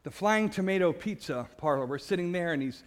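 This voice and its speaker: Passionate, loud man with a high voice, sharing a personal testimony with a laugh at himself. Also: a little fast. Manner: animated storyteller, laughs at himself, stumbling repeats; passionate and loud by his own account. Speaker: speaker sharing his faith testimony.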